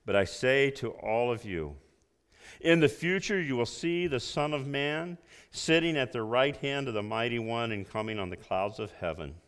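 A man preaching a sermon, emphatic, swinging between loud emphasis and hushed low passages. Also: animated, normal speed, clean tone, big-room sound. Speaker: pastor.

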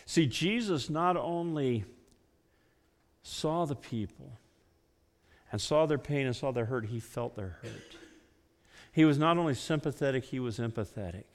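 A man preaching a sermon with earnest conviction, swelling loud and then dropping to hushed tones as he presses a point. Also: mid-range voice, expressive, unhurried, pauses often. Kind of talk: sermon with told stories. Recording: long reverb of a hall.

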